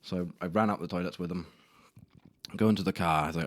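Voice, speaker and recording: A young man talks alone into a camera for his podcast, rambling through embarrassing stories about himself. His voice sits very low, and the room sounds dry and close. He swears casually and makes fun of himself as he goes. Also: fast talker, dry recording. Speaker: podcast host. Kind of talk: solo podcast storytelling. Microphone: camera mic in a room.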